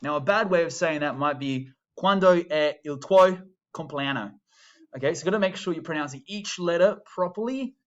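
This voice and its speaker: A man teaching Italian pronunciation to a school class, modeling phrases slowly and deliberately, with dry classroom humor. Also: a little high, muffled recording. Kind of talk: recorded pronunciation lesson.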